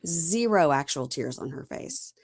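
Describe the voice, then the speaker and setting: Animated woman podcast host recapping. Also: low voice, unhurried, breathy edge, no room sound. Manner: animated storytelling, acting out quotes. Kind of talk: casual chat recapping a reality show.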